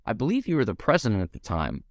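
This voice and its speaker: Young man, podcast host, lively swinging delivery, dry close mic, fervent and heartfelt. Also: lowish voice, quick pace, creaky, dry recording. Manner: passionate, heartfelt, animated. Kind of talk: podcast interview.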